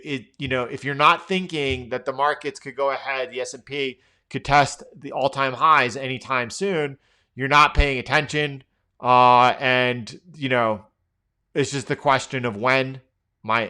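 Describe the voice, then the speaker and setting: A man's voice: mid-range voice, fairly even intonation, unhurried, sharp tone, clear, resonant tone. A middle-aged man hosting a live trading stream, thinking aloud through chart commentary with lots of fillers and restarts.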